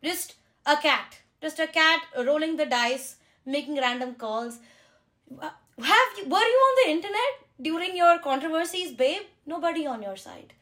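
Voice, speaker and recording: A young woman hosting a casual pop-culture podcast, talking in an animated, sarcastic way with quick asides. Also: high voice. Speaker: podcast host.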